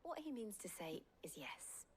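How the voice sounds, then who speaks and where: An actress playing a calm young female companion in a video game, speaking quietly and dryly. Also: mid-range voice, moderate pace, slight background noise, lightly acted. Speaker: game character.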